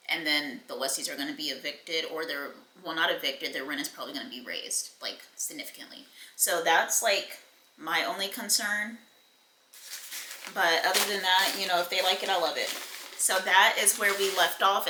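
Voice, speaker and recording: A woman's voice: fairly low pitch, bright, forceful tone, roomy sound, rough recording. A woman giving a casual, chatty recap and review of a TV episode, full of fillers and blunt asides. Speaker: TV recap vlogger.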